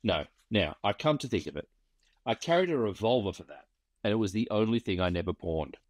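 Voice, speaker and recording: A man's voice: on the low side, big pitch swings, brisk, dry recording. A man voicing Mitchell, a weathered bushman telling a dry, wry yarn in a storybook reading. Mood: drawling yarn. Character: weathered male bushman spinning yarns.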